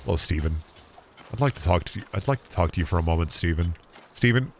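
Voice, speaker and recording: A man doing a hushed sinister coaxing voice. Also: slow, a little hiss or hum. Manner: hushed, low, soothing.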